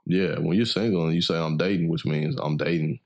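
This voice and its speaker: A man's voice: rumbling low, steady tone, a little fast, darkish tone. A young man co-hosting a podcast in casual chat, laid-back and repeating himself as he talks. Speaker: podcast co-host.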